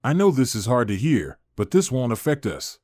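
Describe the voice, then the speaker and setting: A man voicing a calm, self-justifying unfaithful wife in a told story, with a measured, even delivery. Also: mid-range voice, no room sound, studio quality, lightly acted. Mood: calm pleading. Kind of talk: storytelling narration.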